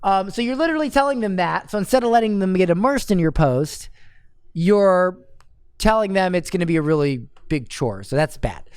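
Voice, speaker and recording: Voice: medium pitch, animated, fast, darkish tone, clean tone, dry recording. A marketing coach giving a live, blunt critique of marketing copy, reading drafts aloud and picking them apart.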